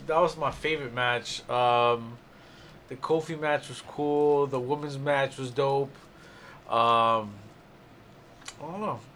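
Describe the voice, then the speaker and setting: A man's voice: medium pitch, steady tone, slow, pauses often, a bit bright, slight background noise. A man on a casual podcast, laid-back and hesitant, using slang. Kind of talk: casual chat.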